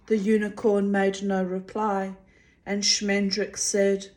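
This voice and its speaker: Lady reading a fantasy book out loud, really slow and gentle. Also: mid-range voice, completely flat delivery, a little hiss or hum. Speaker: reader. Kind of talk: audiobook narration.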